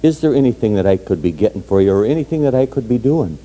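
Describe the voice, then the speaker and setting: A fussing Irish wife at her husband's bedside, put on by a hoarse man telling a joke. The voice is low and very dark and keeps a plain, practical manner. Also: lively intonation, fast talker. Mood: solicitous.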